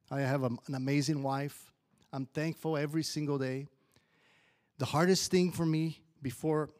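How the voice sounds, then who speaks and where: A man addressing a church gathering, exhorting and rambling a little as he leads an appreciation of wives. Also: a little high. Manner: warm-hearted, exhortative, rambling.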